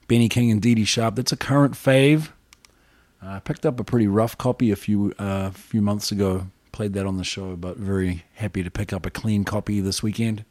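A man from New Zealand hosting a radio show, chatting in a relaxed, rambling way between records. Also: sits low, no echo.

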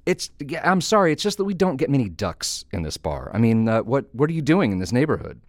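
A man's voice: mid-range voice, very animated, fairly quick, no echo, clean studio sound, pitched above the performer's own voice, lightly acted. A man voicing an eager, chatty male bartender in a joke told on the radio.

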